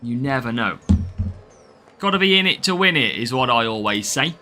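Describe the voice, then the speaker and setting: A man's voice: medium pitch, very animated, fast, sharp tone, a little hiss or hum. An English man streaming a mobile racing game live, chatting casually, greeting viewers by name and laughing often. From England. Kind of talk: live gameplay stream, reading chat.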